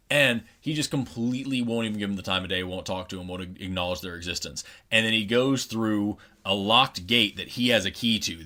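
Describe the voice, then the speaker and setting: A man's voice: fairly low pitch, sharp tone. A young man from Oklahoma co-hosting a podcast, ranting angrily and swearing a lot in casual chat. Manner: angry, profane ranting. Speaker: podcast co-host.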